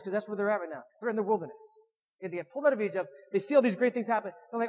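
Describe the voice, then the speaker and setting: High-voiced, animated preacher in a reverberant hall. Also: male voice, racing. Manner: animated, acts out whiny voices with sudden loud and soft turns. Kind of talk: sermon.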